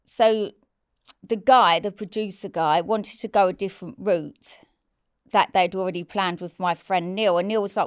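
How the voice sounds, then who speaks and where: A woman's voice: mid-range voice, fairly even intonation, moderate pace, clear, resonant tone, dry recording, clean studio sound. A woman, a podcast guest telling a personal story in a blunt, candid way and swearing freely. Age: 40s. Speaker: interview guest.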